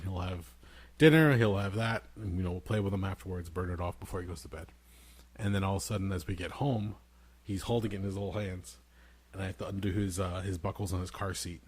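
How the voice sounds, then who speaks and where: A man with a fairly low voice chats casually on a podcast, spinning stories about his toddler. He breaks into a squeaky child voice for his son's lines, then drops back to his easy storytelling tone. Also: fast talker, slightly rough. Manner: animated storyteller, acts out his toddler son in a high voice. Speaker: podcast co-host.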